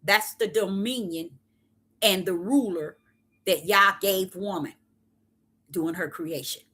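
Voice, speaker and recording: A woman's voice: medium pitch, takes it slowly, fairly bright tone. A woman giving an impassioned Bible teaching, with an emphatic, repetitive preacher's cadence and many rhetorical questions. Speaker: self-styled prophetess preaching.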